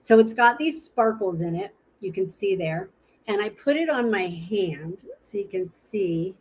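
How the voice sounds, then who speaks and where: A woman's voice: medium pitch, lively intonation, measured pace, darkish tone, husky. A woman giving a casual live makeup tutorial, chatting and thinking aloud as she hunts for her products. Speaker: makeup presenter.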